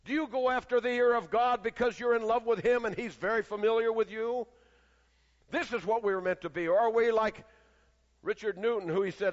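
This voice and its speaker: A man preaching a sermon who swings between loud, declaiming passages and hushed, quiet ones. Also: sits high, normal speed. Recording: long hall reverb, dull lo-fi sound.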